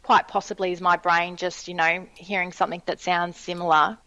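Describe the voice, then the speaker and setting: A woman talks as a guest in a loose, rambling way, full of fillers and asides. Her voice sits a bit low. It comes through a dull, dry remote connection. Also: level tone, brisk, sharp tone, no echo. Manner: rambling, filled with ums and "you know". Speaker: guest paranormal investigator. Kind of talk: casual interview chat.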